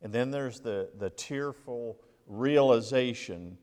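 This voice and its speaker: A male minister preaching a sermon, reading scripture aloud with dramatic pauses and emphasis. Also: mid-range voice, darkish tone. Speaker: interim lead minister. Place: church sanctuary. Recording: long reverb of a large hall.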